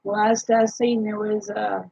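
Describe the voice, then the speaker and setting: A worn-out woman with a drawl talks unhurriedly to her live viewers, rambling with plenty of fillers. Her voice is gravelly and a little husky. The sound is dull and lo-fi. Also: mid-range voice, little pitch movement, slow pace, mellow. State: tired, yawning. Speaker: homesteader talking to live chat viewers. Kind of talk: casual live chat.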